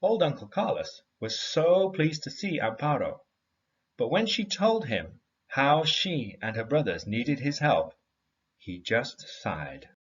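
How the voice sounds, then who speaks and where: A man reading a story aloud to a class in an expressive storytelling manner. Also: medium pitch, takes it slowly, lo-fi sound. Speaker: teacher.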